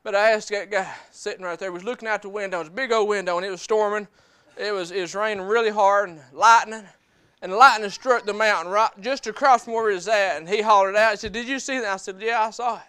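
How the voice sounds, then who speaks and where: A man's voice: sits high, steady tone, fast, hardly any pauses, bright, forceful tone, clear, resonant tone. A man preaching a sermon in church, mixing personal testimony with scripture in plainspoken, folksy speech that repeats phrases for emphasis. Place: church service.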